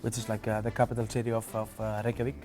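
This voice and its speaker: Halting Icelandic man with heavy fillers. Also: fairly low pitch, monotone, darkish tone, soft background music. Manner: halting, many fillers and repeated words. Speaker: guest chef. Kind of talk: casual TV cooking segment. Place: TV studio kitchen.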